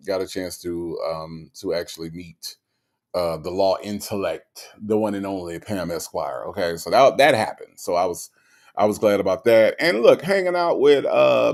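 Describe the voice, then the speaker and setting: Laid-back low-voiced man greeting his chat. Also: gravelly. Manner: laid-back, greets viewers one by one, swings between low mumbles and loud outbursts. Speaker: livestream host. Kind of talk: casual livestream chat reading viewer comments.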